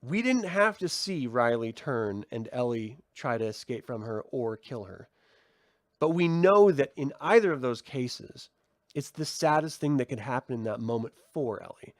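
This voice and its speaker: A man giving a casual review of a TV episode, excitable and gushing, swearing freely and filling his talk with "like". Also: medium pitch, normal speed, dry recording, clean studio sound. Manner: excitable, swears, many "like" fillers. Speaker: TV series reviewer. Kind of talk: casual video review commentary.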